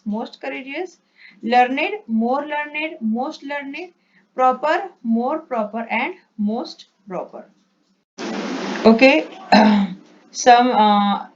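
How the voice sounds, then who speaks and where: A female English teacher, her voice pitched a little high, gives an unhurried, careful grammar lesson and goes through word lists one at a time. She repeats things and corrects small errors with a quick "sorry." The sound is dull and lo-fi.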